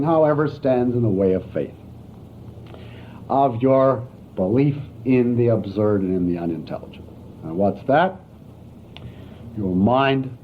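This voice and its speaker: A man giving a university philosophy lecture in an emphatic, wry manner. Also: fairly low pitch. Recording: tinny, lo-fi archival lecture tape with faint hiss.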